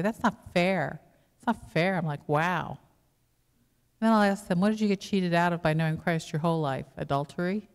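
A woman's voice: on the low side, darkish tone, clear, resonant tone. A woman pastor preaching a sermon in a conversational way, asking the congregation rhetorical questions. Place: church sanctuary. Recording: reverberant church hall.

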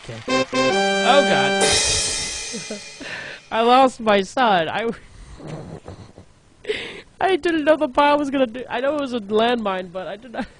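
A man's voice: very high voice, expressive, a little fast, few pauses, music in the background. A man giving frustrated, exclamatory commentary while playing a video game. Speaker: gaming YouTuber. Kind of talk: let's play commentary.

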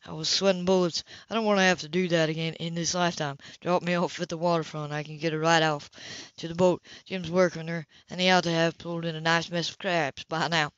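A woman reading the part of a weary grown man, a fisherman, grumbling in a slightly lower voice. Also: flat delivery, fairly quick, dry recording, lo-fi sound, close to an everyday voice.

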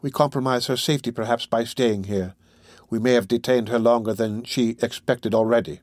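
Brief: male reader doing a grave old gentleman, earnest and persuasive, steady mid voice. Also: mid-range voice, no echo, natural voice. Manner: measured, solemn, persuasive.

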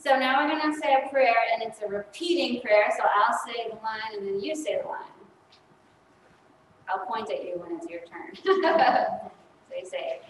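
Woman priest, children's sermon, chatty, fairly high voice, very echoey church. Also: expressive, moderate pace, distant mic, slight background noise. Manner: chatty, asks the congregation questions. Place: church sanctuary.

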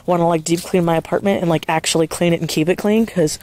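Soft-spoken rambling woman vlogger. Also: fairly low pitch, fairly even intonation, fast talker, hardly any pauses, no room sound. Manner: rambling, swears casually; soft hushed voice late at night. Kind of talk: casual vlog chat. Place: outdoors at night walking a dog.

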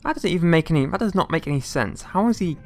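A man's voice: a little high, expressive, fast talker, a little hiss or hum. A man giving casual gameplay commentary, rambling along with jokey, mock-outraged asides and mild swearing. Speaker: let's play gamer.

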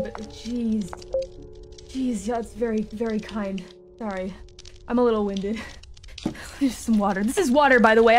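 A woman streaming a game live, flustered and laughing as she thanks viewers and protests their donations. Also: on the high side. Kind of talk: live gaming stream chat.

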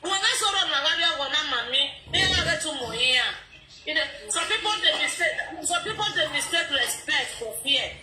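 A woman speaks her mind, often laughing as she talks. Her voice is quite high. She is recorded in an echoey room with loud noise behind her. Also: expressive, normal speed. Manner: outspoken, laughing through her words. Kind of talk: casual chat.

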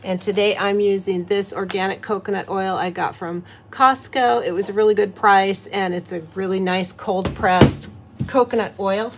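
A middle-aged soap-making host explains each step of her home craft tutorial while working, in a steady, mid-range voice at a moderate pace. She's chatty and cheerful with soft laughs, and there's background noise.

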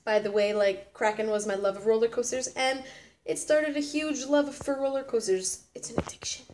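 A woman's voice: on the high side, moderate pace, a little mellow, a little hiss or hum. A nineteen-year-old woman chatting casually in a vlog, bubbly and rambling, often restarting her sentences. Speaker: vlogger.

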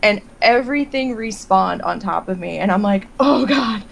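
Speaking at a moderate pace with a medium pitch and noticeable vocal fry, this woman appears as a podcast guest. Her casual storytelling is full of laughter, and she animatedly plays out what was going through her head.

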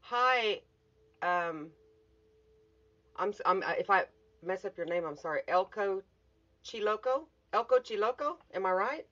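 A woman's voice: mid-range voice, fairly bright tone. A woman chatting casually and scattershot on a morning livestream from home, greeting viewers and swearing offhand. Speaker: artist livestreaming. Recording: dull lo-fi phone audio.

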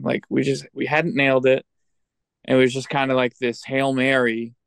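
A man's voice: medium pitch, flat delivery, moderate pace, creaky, a bit bright, clean tone, no echo. A man, a guest musician, telling candid, self-deprecating stories in a casual interview chat.

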